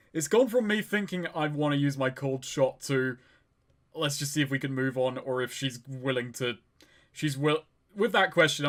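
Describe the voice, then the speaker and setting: A man in casual tabletop play, musing and thinking out loud. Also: medium pitch. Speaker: player.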